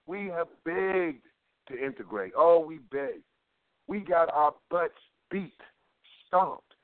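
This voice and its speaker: A man's voice: fairly high pitch, dry recording. Fervent man over a tinny phone line. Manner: fervent, preacher-like cadence with repetition. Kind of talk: impassioned talk-radio commentary.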